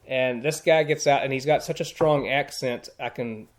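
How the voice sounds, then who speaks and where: A man's voice: mid-range voice, normal speed. A man, a podcast guest, telling hiking stories in a casual, earnest and chatty way, with frequent restarts. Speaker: podcast guest, thru-hiker. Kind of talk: casual storytelling conversation.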